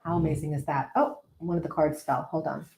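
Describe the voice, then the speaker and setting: A woman's voice: sits low, steady tone, a little fast, gravelly, mellow. A woman hosting a live-stream tarot reading, chatty and enthusiastic, repeating phrases for emphasis and talking straight to her viewers.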